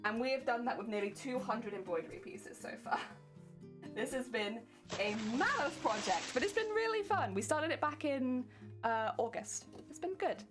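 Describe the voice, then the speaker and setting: A young British cosplay streamer chats casually during a late crafting stream, sounding a bit sleepy, giggling often, and thanking viewers by name. Her medium-pitched voice is expressive and moderately paced, with plucked guitar music clearly playing underneath.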